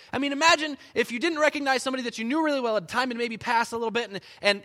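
A high, bright male preacher whose pitch leaps around as he tells his story. His animated delivery sinks now and then into soft, quiet stretches. The sound carries a long reverb, as if from a large hall. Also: racing, hardly any pauses. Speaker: pastor. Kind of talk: sermon.

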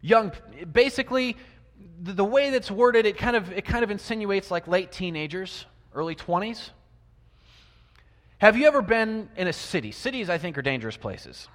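High-voiced man preaching in a reverberant hall. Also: animated, normal speed. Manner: asks the congregation many rhetorical questions; swings between loud emphasis and quiet asides. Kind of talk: sermon. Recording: long reverb of a large hall.

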